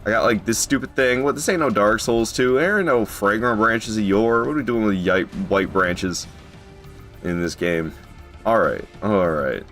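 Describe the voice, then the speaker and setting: A man streaming a video game, chatting casually with his viewers and joking, who jumps into high yelps when something surprises him. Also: moderate pace, a bit bright, soft background music. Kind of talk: casual live gameplay commentary.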